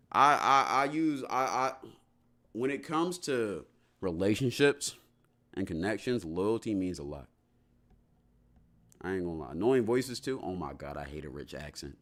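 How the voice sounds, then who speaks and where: Young male streamer, lively slangy talk. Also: low voice, a little slow, long pauses. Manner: slangy and rambling, with many restarts and "bro". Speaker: livestreamer answering chat. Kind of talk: casual stream chat.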